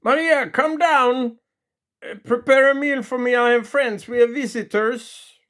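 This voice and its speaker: A man voicing a boastful, drunken husband who calls loudly for his wife. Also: on the high side, takes it slowly, vocal fry. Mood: shouting. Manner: loud, bragging, calling out.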